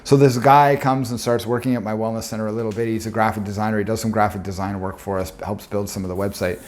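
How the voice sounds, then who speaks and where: Guy with a lowish voice, telling his own story, earnest and reflective, lots of uhs. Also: flat delivery, a little mellow. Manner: earnest, reflective, with frequent filler pauses. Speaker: presenter. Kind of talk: personal storytelling presentation.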